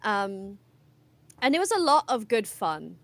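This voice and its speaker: A woman's voice: mid-range voice, big pitch swings, measured pace, no room sound. A woman from England with a hard-to-place southern English accent, a guest on a casual stream chat, bubbly and rambling.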